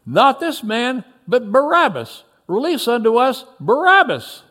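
A man reading a biblical story aloud, voicing angry men in a crowd with loud, high shouts. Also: wildly swooping pitch, measured pace, heavily acted.

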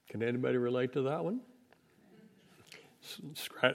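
A man's voice: medium pitch, expressive, unhurried, vocal fry, pauses often. A man preaching a conversational Bible lesson, folksy and plain-spoken, acting out quoted voices as he goes. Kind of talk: sermon.

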